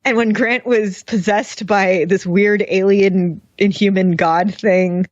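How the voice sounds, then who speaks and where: A woman's voice: mid-range voice, fairly even intonation, takes it slowly, dry recording. A woman co-hosting a fan podcast, chatting casually about a TV episode in a sarcastic, often laughing way. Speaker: podcast co-host. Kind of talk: casual chat, TV episode discussion. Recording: dull, dry lo-fi sound.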